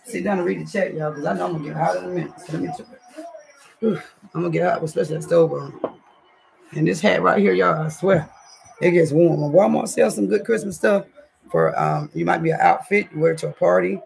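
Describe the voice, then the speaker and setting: Gravelly woman with a scratchy throat. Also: fairly low pitch, brisk, darkish tone. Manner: chatty, slangy, keeps addressing viewers as y'all. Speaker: livestream host reading chat. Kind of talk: casual livestream chat. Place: home kitchen with stove on.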